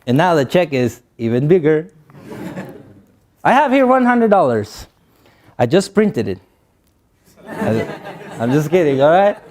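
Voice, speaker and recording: A man's voice: fairly high pitch, very animated, moderate pace, long pauses, a little mellow. A young man giving a motivational talk to youth. He speaks with a non-native accent, repeats phrases for emphasis and jokes with the audience.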